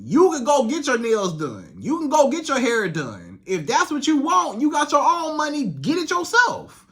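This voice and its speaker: High-voiced man giving blunt advice. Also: a bit bright. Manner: repetitive, emphatic preaching with quoted back-and-forth. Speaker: dating coach. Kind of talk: direct-to-camera relationship advice.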